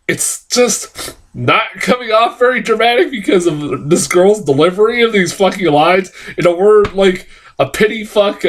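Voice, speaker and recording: A man giving a casual, rambling film review, swearing a lot and stumbling through restarts, jumping higher whenever he quotes a line. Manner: rambling, heavy swearing, many fillers and restarts; jumps to high, excited pitch when quoting lines.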